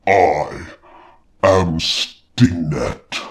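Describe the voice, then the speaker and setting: A man voicing an evil male cyber villain king who growls his words out slowly. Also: sits low, voice pushed down. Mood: menacing. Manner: slow growling.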